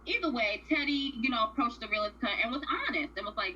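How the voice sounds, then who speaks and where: Blunt, profane woman recapping with bright tone. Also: fairly high pitch, fast talker, dull audio, slight background noise. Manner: blunt, profane, opinionated storytelling. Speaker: radio show co-host. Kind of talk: casual reality TV recap.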